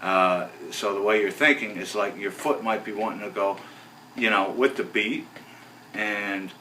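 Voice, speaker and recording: A man teaching a bass lesson in a relaxed, rambling way, counting beats aloud as he explains. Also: measured pace, a little hiss or hum. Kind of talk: casual video lesson. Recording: roomy, voice from a distance off the mic.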